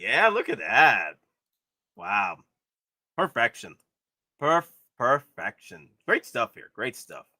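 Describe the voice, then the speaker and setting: A man hosting a live stream, commenting excitedly on collectible figures and gushing with repeated exclamations. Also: mid-range voice, slow, pauses often, no room sound, clean studio sound. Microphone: streaming setup.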